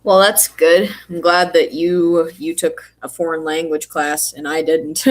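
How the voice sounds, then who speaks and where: A woman's voice: low-pitched, fairly even intonation, takes it slowly, poor audio. A woman from the United States chatting casually on a livestream while she draws, rambling and poking fun at herself. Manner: chatty, rambling, self-mocking. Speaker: streamer.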